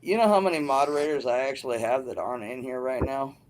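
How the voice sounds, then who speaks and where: A man's voice: mid-range voice, expressive, fast talker. A man hosting a casual livestream call, laughing often and teasing friends and viewers. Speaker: livestream host.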